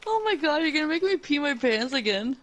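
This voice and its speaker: Giggly high-voiced woman teasing while gaming. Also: animated, fairly quick, rough recording. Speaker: co-op gamer. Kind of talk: casual gaming chat.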